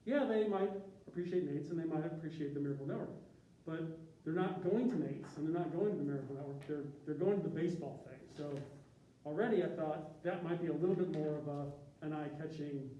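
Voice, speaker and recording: A man's voice: a little high, a little fast, warm tone, muffled recording, a little hiss or hum. A man from Chicago, a university graphic artist, giving an informal, self-deprecating talk to a class. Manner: self-deprecating, joking, chatty with tangents. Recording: echoey room from a distance.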